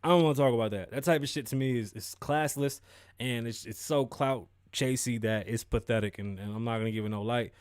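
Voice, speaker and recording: A young man hosting a podcast, giving animated, profane sports commentary and mocking people in put-on voices. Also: mid-range voice, brisk, clear, resonant tone, dry recording, clean studio sound. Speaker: podcast host. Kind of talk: casual commentary.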